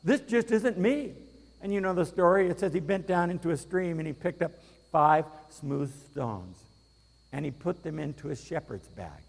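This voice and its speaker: A man pastor preaching a lively sermon in a church, getting the congregation to repeat lines aloud. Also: medium pitch, vocal fry. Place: church sanctuary. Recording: reverberant hall.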